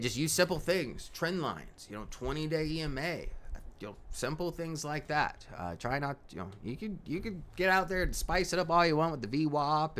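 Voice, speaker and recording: A man's voice: medium pitch, fairly bright tone. A man hosting a live stock market stream in casual commentary. He talks in a folksy way, laughs often and keeps asking "right?".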